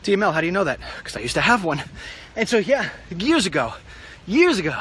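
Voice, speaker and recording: Animated middle-aged man vlogging outdoors. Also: quick pace, slight background noise. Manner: animated, jumps into high excited outbursts. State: out of breath. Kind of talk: rambling casual vlog.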